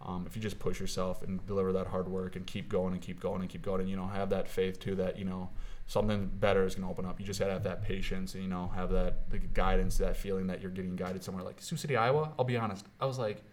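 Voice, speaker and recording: A man's voice: sits low, flat delivery, quick pace. A young man working as a sports videographer, talking in an upbeat, rambling way in a casual interview. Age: young adult. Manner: rambling, upbeat, full of "I mean" and "you know".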